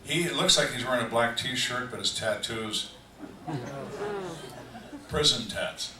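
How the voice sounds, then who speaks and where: An older man who was a homicide detective tells dry, deadpan stories with slow, emphatic pauses at a live fan Q&A. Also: medium pitch, slight background noise. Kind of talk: live storytelling Q&A. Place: event room on a cruise ship, live audience. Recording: echoey room, distant mic, faint ambience.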